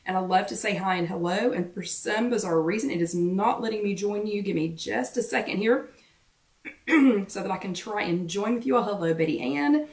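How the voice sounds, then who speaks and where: A hoarse woman hosts a casual live-stream chat, greeting viewers one by one. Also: mid-range voice, normal speed, distant mic. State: hoarse, losing her voice. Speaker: host of a live weight-loss workshop chat. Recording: roomy echo, voice away from the mic.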